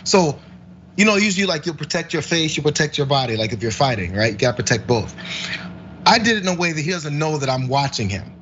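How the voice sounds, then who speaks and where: This male co-host's voice runs on the high side, and he speaks quickly over a muffled recording with a little hiss or hum. Animated and laughing, he spins a story in casual podcast conversation, voicing the dialogue of its characters.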